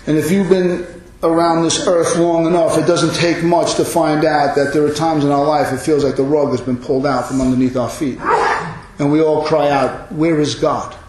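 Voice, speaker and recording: A man preaching a sermon as pastor, impassioned, rising into loud cries on quoted lines. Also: a little high, level tone, moderate pace, a little hiss or hum. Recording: very echoey hall.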